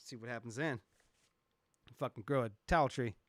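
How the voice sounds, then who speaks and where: A man's voice: medium pitch, moderate pace, no room sound, studio quality. A man who produces music, hosting a casual live stream, rambling, joking and swearing a lot. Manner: profane, rambling, joking with chat.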